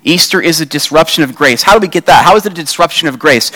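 A man delivers a sermon with a fairly high voice, talking to his congregation in a conversational way. He asks rhetorical questions and raises his voice to act out the lines he quotes. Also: expressive, fast, hardly any pauses, bright, forceful tone. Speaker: pastor.

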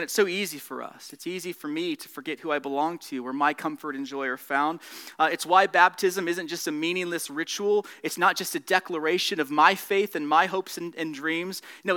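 Bright-voiced male pastor preaching. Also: high voice. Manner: earnest preaching, rising in emphasis and dropping soft at closes. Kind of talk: sermon.

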